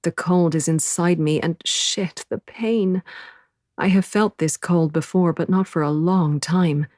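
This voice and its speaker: A woman's voice: lowish voice, fairly even intonation, unhurried, darkish tone, no room sound, studio quality. A woman narrating a novel in the first person, with an intense, breathless inner-monologue delivery. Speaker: audiobook narrator.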